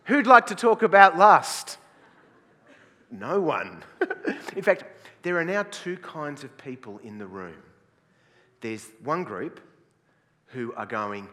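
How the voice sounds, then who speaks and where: A man's voice: mid-range voice, very animated, takes it slowly, pauses often, a bit bright. A middle-aged Australian man preaching a sermon in a chatty, joking, self-deprecating way. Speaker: pastor. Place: church hall with audience. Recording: reverberant church hall.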